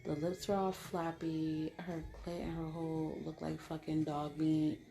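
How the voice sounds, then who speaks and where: A woman's voice: low-pitched, flat delivery, unhurried, gravelly, warm tone, faint music behind. A woman vlogger telling a casual storytime monologue to her viewers in a blunt, profane and graphic way.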